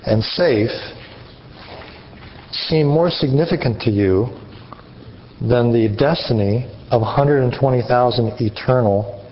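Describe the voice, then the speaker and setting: A man preaching an interactive sermon, animated and questioning his audience. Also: medium pitch, takes it slowly, long pauses, a little hiss or hum. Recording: muffled lo-fi recording.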